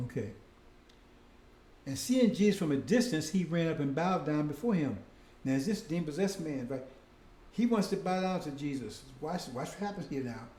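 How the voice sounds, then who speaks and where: A man's voice: a little high, animated, moderate pace, dark tone, reverberant. A man preaching a casual, conversational sermon, often breaking in with "see?" and "right?".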